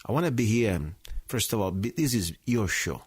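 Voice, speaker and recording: A man hosting his own radio talk show, speaking in an impassioned, outspoken monologue that swings from loud emphasis to low asides. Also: lively intonation, fairly quick, husky, dry recording, studio quality.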